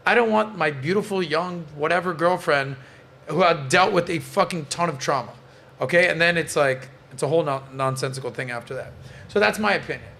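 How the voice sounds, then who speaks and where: A man's voice: fairly high pitch, a little fast, vocal fry, fairly bright tone, a little hiss or hum. A man hosting a casual podcast panel, blunt and joking, swearing freely. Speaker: podcast host.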